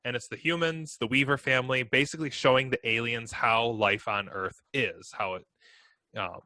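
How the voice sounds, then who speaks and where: A male podcast co-host with a bright, mid-pitched voice, explaining things plainly in casual chat. The sound is dry and close. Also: fairly even intonation, normal speed, dry recording.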